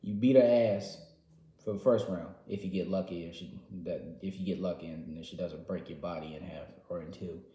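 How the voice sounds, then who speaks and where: A man casually recapping a game story, excitable and slangy, jumping from loud outbursts to quiet asides. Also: deep voice, normal speed. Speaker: gaming vlogger. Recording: roomy echo.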